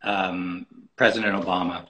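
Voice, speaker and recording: A man's voice: low-pitched, steady tone, normal speed, a bit bright, low-quality recording. A man talking as a guest in a casual interview, rambling with many fillers and restarts. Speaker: photographer guest. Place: podcast recording.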